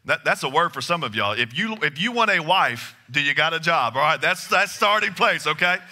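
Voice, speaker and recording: Male pastor, higher voice with a very bright edge, conversational sermon delivery with playful asides. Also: animated, brisk.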